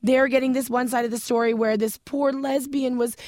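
A woman co-hosting a comedy radio talk show, talking quickly and emphatically. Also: fairly high pitch, steady tone, a little mellow, no room sound, clean studio sound.

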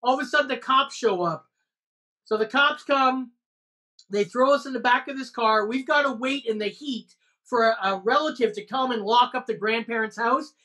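Woman, podcast co-host, animated storyteller who curses freely; bright, slightly high voice. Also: normal speed. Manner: animated storytelling with frequent swearing. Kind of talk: casual chat.

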